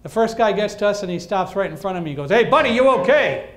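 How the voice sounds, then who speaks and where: A guest speaker addresses an audience, telling a story in a lively way with dry humor and acting out the lines of the people in it. His voice is high and his delivery rapid-fire.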